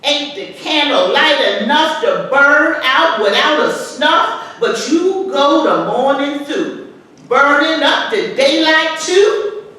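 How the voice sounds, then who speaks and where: A woman reciting a dialect poem, playing a stern older woman scolding a sleepy boy awake in a loud, sing-song voice. She is recorded from far off in an echoey hall at a live event, with faint noise behind. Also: high voice, expressive, takes it slowly, voice pushed up, exaggerated voice. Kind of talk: dramatic poetry recitation. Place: arts venue, live discussion.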